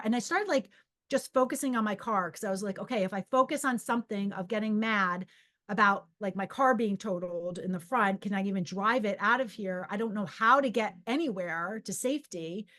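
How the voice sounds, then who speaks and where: A woman's voice: mid-range voice, brisk, a bit bright. A middle-aged woman who hosts a podcast as a psychic medium, telling a personal story in a casual, rambling way. She restarts sentences often and acts out her own inner voice.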